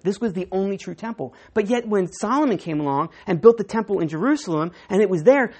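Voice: mid-range voice, a little mellow. A preacher giving a sermon, walking through a Bible passage verse by verse and acting out the quoted dialogue, with frequent self-corrections.

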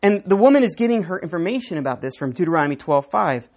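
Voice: medium pitch, fast. Preacher teaching scripture, voice bounces up and down a lot, acts out the lines. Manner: animated Bible teaching, acting out quoted dialogue. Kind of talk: sermon.

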